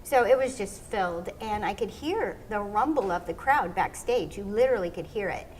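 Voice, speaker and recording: A middle-aged woman being interviewed, telling stories in an animated way and acting out what people said. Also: mid-range voice, normal speed, slight background noise. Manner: animated storyteller, acts out quotes. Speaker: interview guest, former pro skater. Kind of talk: casual storytelling interview.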